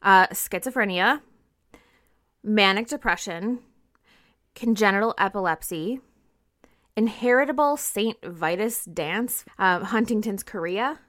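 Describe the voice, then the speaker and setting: A woman co-hosts a history podcast, reading through her notes and breaking in with casual asides. Her voice sits at a middle pitch and her delivery stays relaxed and conversational. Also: unhurried, long pauses. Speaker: podcast co-host.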